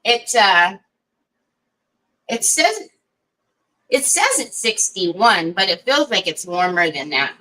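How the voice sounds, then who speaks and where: Hosting a casual craft livestream, a woman greets viewers by name, laughs a lot, and teases herself in a giggly, self-deprecating manner. Her mid-range voice is sing-song and sharp, slow with frequent pauses, and the audio quality is poor.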